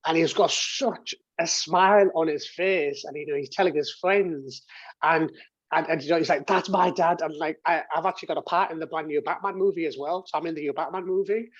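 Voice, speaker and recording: Bloke in his 30s rambling and swearing, bit high voice, muffled dry call sound. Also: brisk, no echo. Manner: rambling, with frequent restarts and swearing. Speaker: interview guest. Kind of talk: casual storytelling. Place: home office and games room.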